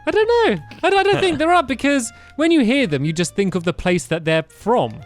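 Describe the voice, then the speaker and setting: A man's voice: very high voice, fairly quick. A man co-hosting a podcast, chatting casually with hesitant restarts. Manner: hesitant, laughs often, lively. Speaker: podcast co-host. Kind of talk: casual chat. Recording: faint music behind.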